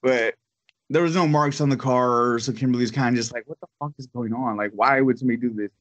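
A man's voice: mid-range voice, fast talker, a bit bright, dull audio. A man, telling a rambling, profane story in casual chat with lots of fillers. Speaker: podcast host.

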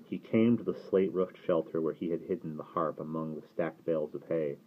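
A man reading a novel aloud in a steady storytelling delivery. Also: low-pitched. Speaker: reader. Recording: tinny phone-like sound.

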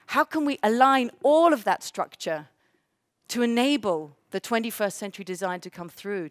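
English woman, seminar lecture, rather high pitch, dry sound, emphatic, rhetorical questions. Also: a bit bright, no echo. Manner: emphatic, rhetorical questions, builds to big points. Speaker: economist giving a seminar talk. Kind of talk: public lecture.

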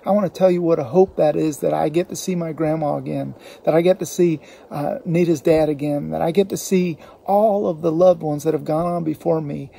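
A male pastor preaching a sermon in a gravelly, mellow voice pitched a little high. He speaks earnestly and slows down to press home the scripture he quotes. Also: fairly even intonation, slight background noise. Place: church.

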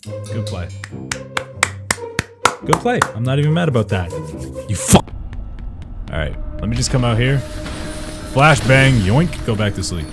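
A young man giving excitable let's-play commentary, swearing and yelling at the game as he plays. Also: medium pitch, moderate pace. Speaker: gaming YouTuber. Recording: game music playing behind.

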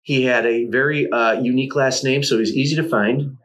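A man's voice: mid-range voice, fairly even intonation, a little fast, fairly bright tone, poor audio. A middle-aged man, a guest artist, telling long anecdotes in a casual interview, swearing and laughing often.

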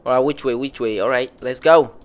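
A man giving excitable live gameplay commentary, talking to himself and his viewers with frequent exclamations. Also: medium pitch, a little fast. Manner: excitable, lots of exclamations and self-talk. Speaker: gameplay streamer.

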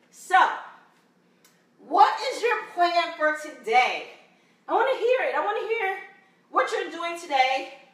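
A female fitness instructor leads a home workout in a bright, high voice, counting reps aloud and encouraging viewers. She sometimes breathes hard, and her voice echoes around the room, captured far from the mic.

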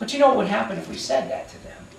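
Man, pastor, sermon, high voice, roomy church, distant mic. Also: creaky. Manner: animated, acts out characters in quick asides. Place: church sanctuary.

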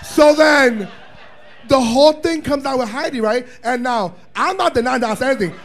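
A man in a drag panel chat, telling a story in a sassy, loud, profane way, often breaking into laughs. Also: extremely high pitch, normal speed, some chatter behind. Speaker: drag performer guest. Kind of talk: animated live panel chat. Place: bar viewing party.

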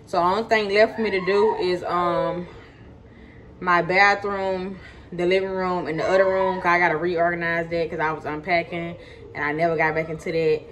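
A woman's voice: lowish voice, little pitch movement, moderate pace, fairly bright tone. Chatty woman vlogging over background noise. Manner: chatty, talks straight to viewers, repeats herself for emphasis. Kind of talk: casual chat to camera. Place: at home, kitchen. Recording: noisy home recording.

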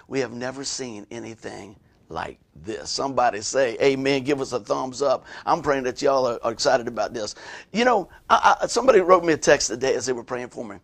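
A man's voice: mid-range voice, creaky. A male pastor, preaching a conversational sermon with frequent asides to his listeners.

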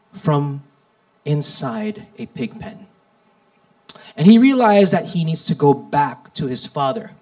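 A man preaching a sermon, reading scripture with slow, deliberate delivery and dramatic rises and drops. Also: fairly high pitch, a little mellow, low-quality recording.

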